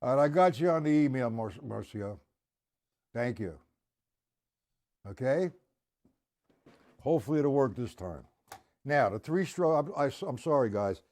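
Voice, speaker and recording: A man teaching drum rudiments on a live stream, talking straight to viewers in the chat and counting beats out loud with strong accents. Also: mid-range voice, lively intonation, measured pace, pauses often.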